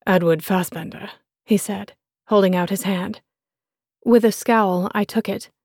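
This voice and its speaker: A woman's voice: mid-range voice, fairly even intonation, unhurried, a little mellow, breathy edge, no room sound, clean studio sound. Woman reading a romance audiobook. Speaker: audiobook narrator. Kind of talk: first-person romance novel narration.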